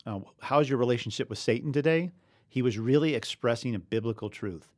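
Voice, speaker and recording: A man's voice: mid-range voice, no echo, studio quality. A man co-hosting a casual faith discussion, explaining earnestly and chuckling now and then. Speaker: podcast co-host.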